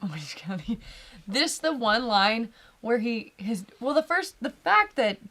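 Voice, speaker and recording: Woman, casual co-host, chatty, laughs between remarks, relaxed whiskey-tasting chat. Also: a little high, unhurried. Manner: chatty, talks over her co-host, laughs often.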